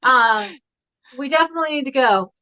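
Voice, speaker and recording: A woman's voice: high-pitched, lively intonation, fairly quick, bright, forceful tone, a little hiss or hum. A woman talking casually as a guest on a home livestream, rambling and laughing often over a video call. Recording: dull lo-fi stream audio.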